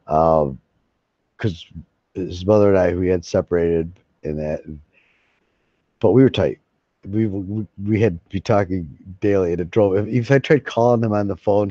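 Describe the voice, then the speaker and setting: A man's voice: low voice, no room sound. A middle-aged man talking casually as a gaming streamer, rambling, swearing freely and restarting his sentences. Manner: profane, excitable, full of restarts. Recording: dull lo-fi sound.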